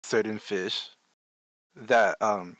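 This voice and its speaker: A man's voice: lowish voice, fairly even intonation, takes it slowly, a bit bright, no room sound, dull audio. A man playing a tabletop game, declaring his character's actions in a playful, casual way. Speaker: player.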